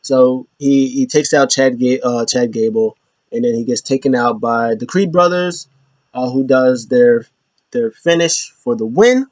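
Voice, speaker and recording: A man's voice: medium pitch, unhurried, darkish tone, dry recording. A man hosting a casual wrestling recap, talking loosely and rambling with lots of fillers. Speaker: show host. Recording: slightly dull lo-fi, dry.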